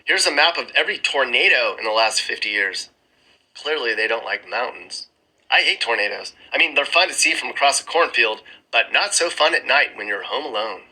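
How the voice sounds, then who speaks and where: Male vlogger, casual sarcastic map commentary, bright tone, a bit husky. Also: mid-range voice, expressive, a little fast, poor audio. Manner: sarcastic, chuckling asides. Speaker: screen-recording vlogger. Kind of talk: casual commentary over maps. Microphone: phone screen-recording mic.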